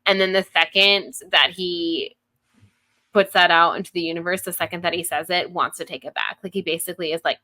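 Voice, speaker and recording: A woman's voice: lowish voice, fairly even intonation, fairly quick, sharp tone, no echo. A woman co-hosting a podcast about a book, retelling the chapter casually and acting out the characters' lines. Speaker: podcast co-host. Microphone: headphones and studio mic.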